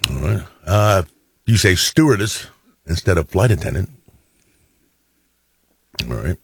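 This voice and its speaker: A middle-aged male radio host with a very deep, slightly husky voice. He chats casually, telling little stories and acting out quotes. The sound is dry and close. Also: expressive, a little slow, dry recording. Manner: chatty storyteller, quotes people in changed voices. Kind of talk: casual on-air banter.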